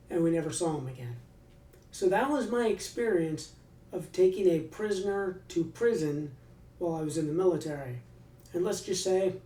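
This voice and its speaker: Brief: relaxed veteran man storyteller, mellow and fairly high voice, roomy room a bit off-mic. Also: far from the mic. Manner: relaxed, many fillers and restarts. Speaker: army veteran telling a story. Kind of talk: casual storytelling.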